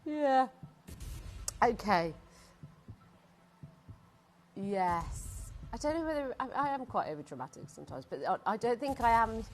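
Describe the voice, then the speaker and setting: A woman's voice: medium pitch, a little mellow, a little hiss or hum. A woman hosting a live TV shopping show, selling jewelry in chatty, self-mocking patter while congested and throaty from hay fever. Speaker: shopping channel host. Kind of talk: live TV sales presentation.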